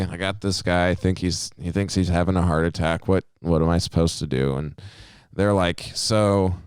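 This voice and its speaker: Man, very low voice, smooth and dry, animated profane storyteller for a casual podcast. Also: dry recording. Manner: animated storyteller, heavy swearing, acts out quotes. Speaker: podcast co-host.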